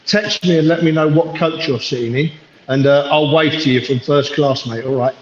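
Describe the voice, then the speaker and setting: A man's voice: a little high, fairly even intonation, moderate pace, a little hiss or hum. Guy calling in on his phone from a train platform, affectionate, long goodbyes, echoey and muffled. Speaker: caller. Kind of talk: casual chat.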